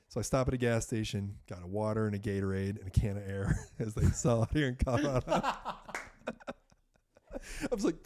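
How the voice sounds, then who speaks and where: Animated man telling a story. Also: mid-range voice, a little fast. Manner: animated, many fillers, swears. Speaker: podcast guest. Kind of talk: casual storytelling.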